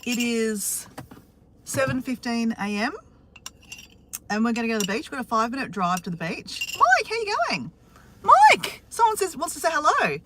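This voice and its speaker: A woman's voice: on the high side, animated, normal speed, long pauses, heavy background noise. A woman with an Australian accent chatting casually on a live stream from her car, greeting viewers by name.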